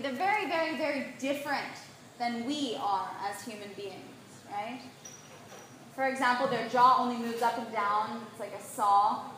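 A woman with a high voice gives an animated talk to a live audience, keeping them with her through a steady stream of "right?" and "you see that?". She sounds very roomy, with strong echo around her and faint noise underneath. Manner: animated, checks in with frequent rhetorical "right?". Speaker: nutrition speaker. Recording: very echoey room, faint background noise.

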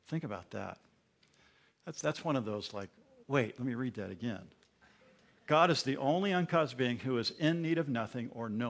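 Preaching at medium pitch and normal speed, a middle-aged male pastor swings between quiet asides and loud proclamations. He often repeats words when he gets stirred up.

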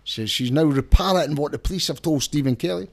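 A man's voice: a little high, fast, vocal fry. A middle-aged man with a Scottish accent, talking as an interview guest in an emphatic way, often restarting and repeating words and checking "right?". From Scotland. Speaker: campaigner and lawyer, interview guest. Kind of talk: casual interview talk.

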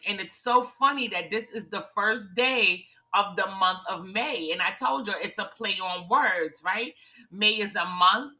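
A woman's voice: medium pitch, pushed and bright, poor audio. A woman hosting a motivational talk, upbeat and encouraging, smiling as she speaks in repeated call-and-response phrases. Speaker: host and author.

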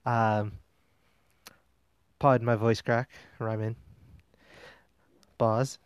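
A man's voice: mid-range voice, steady tone, slow pace, long pauses, smooth, no room sound, clean studio sound. A man hosting a music commentary show, talking casually and rambling with fillers and restarts. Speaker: podcast host.

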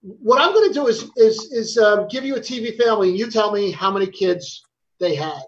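A man's voice: high-pitched, lively intonation, fairly quick, dull audio, slight background noise. A man hosting a casual quiz game among friends, playful, swearing and laughing, tripping over his own answers. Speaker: game host.

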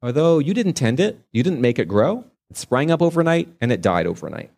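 A man voicing a quiet, patient God. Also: medium pitch, sing-song, brisk, vocal fry. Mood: gently questioning. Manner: quiet, gentle questioning. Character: patient questioning God, calm and grave.

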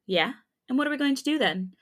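A woman's voice: high voice, lively intonation, quick pace, fairly bright tone, voice pushed up. Woman reading as a teasing college jock. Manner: teasing, playful.

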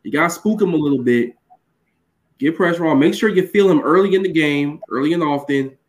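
A man's voice: fairly high pitch, a little fast. A male host breaking down a football matchup, laying out his point step by step in casual sports talk.

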